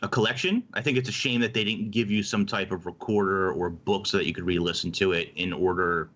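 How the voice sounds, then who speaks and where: A man's voice: low-pitched, fairly even intonation, fairly quick, a bit bright, muffled recording. A man co-hosting a casual panel chat, eagerly retelling a game's story in detail. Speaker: co-host. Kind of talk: casual panel chat about a video game.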